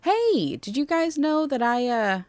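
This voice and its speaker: A woman's voice: high voice, big pitch swings, a little slow, a little mellow, no room sound. A woman streaming live, chatting casually and joking about herself while reacting to a cooking video. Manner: playful, self-joking, chatty asides to chat. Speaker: VTuber streamer.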